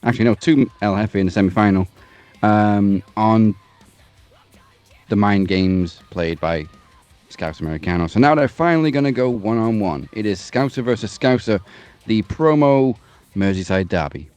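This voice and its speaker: A man hosting a wrestling podcast, announcing the next match in a relaxed way. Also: fairly low pitch, moderate pace, faint music behind. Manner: relaxed, with ums. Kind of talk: casual chat and announcing.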